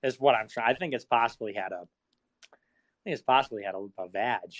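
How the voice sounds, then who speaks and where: A man hosting a casual stream chat, animated and rambling with lots of fillers. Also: mid-range voice, fairly quick. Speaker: podcast host.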